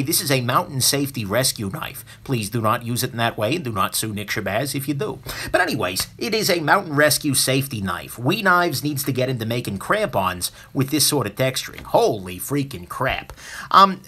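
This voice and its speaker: A man hosting a live knife review stream, talking in a bright, clear tone. His pitch swings widely as he jokes and wanders through asides, with plenty of ums and restarts. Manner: lively, joking, with many fillers. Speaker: host.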